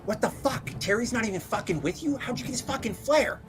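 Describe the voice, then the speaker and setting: A man's voice: very high voice, animated, brisk, pitched above the performer's own voice. A man voicing a young, foul-mouthed sniper who stammers and swears when rattled. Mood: exasperated. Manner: swears a lot, flustered, stammering.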